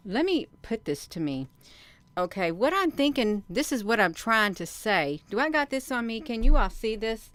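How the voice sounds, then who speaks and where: A woman hosting a casual vlog who talks excitedly to her viewers, repeats herself and sounds out of breath. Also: mid-range voice, no echo. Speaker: video channel host.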